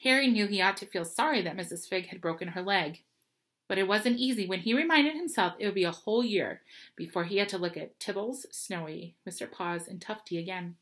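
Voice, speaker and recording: A woman reading a storybook chapter aloud, with steady, expressive narration. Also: medium pitch, a little fast. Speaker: reader.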